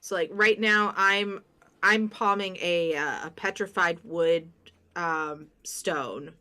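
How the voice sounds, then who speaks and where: A woman with a lowish, bright voice chatting on a stream. She explains things step by step, pausing on ums. Her delivery is relaxed and conversational. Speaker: tarot reader and co-host. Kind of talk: casual chat.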